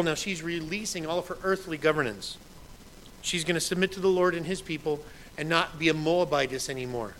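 Bright-voiced man preaching a sermon. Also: fairly high pitch, steady tone, fairly quick, a little hiss or hum, rough recording. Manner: conversational preaching, quoting scripture with emphasis. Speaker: pastor.

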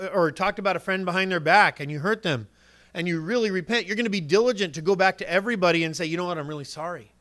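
A man delivering a sermon with a fairly high voice. He preaches earnestly and directly, drops into quick acted-out lines of what people say, and keeps pressing the listeners with rhetorical questions. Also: a bit bright.

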